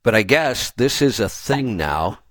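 Male radio host, mid-pitched, opinionated, quick restarts, dry close mic. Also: very animated, fairly bright tone, no room sound. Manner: opinionated, fast-talking, full of restarts. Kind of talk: casual talk radio chat.

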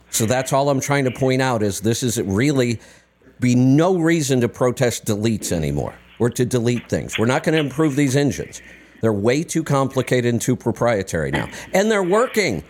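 A man's voice: medium pitch, darkish tone, slight background noise. A man hosting a call-in radio show, emphatic and argumentative as he presses his point.

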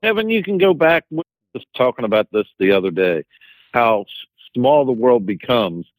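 A male co-host muses in casual studio chat and repeats himself as he thinks. His pitch moves lively, and the sound is dry and close. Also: normal speed, dry recording, poor audio. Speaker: radio co-host.

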